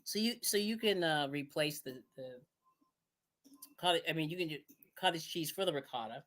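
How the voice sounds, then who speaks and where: Woman, cooking show host, low voice, very lively pitch, chatty, laughs a lot. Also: normal speed. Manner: chatty, laughs often, trails off and restarts. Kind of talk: casual live-stream cooking chat.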